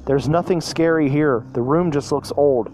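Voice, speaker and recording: A man's voice: on the high side, moderate pace, darkish tone, soft background music, voice pushed up, close to an everyday voice. A man doing a jumpy young girl pup. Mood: uneasy.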